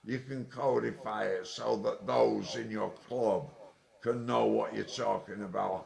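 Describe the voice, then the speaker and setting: A tipsy man delivering an angry, sweary, rambling monologue, with sudden loud outbursts. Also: fairly low pitch, steady tone, measured pace, vocal fry. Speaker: vlogger. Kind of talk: ranting monologue.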